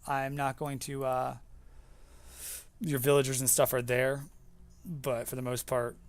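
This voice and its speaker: A man running an online tabletop game as game master, talking casually and halting with fillers. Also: medium pitch, monotone, no room sound.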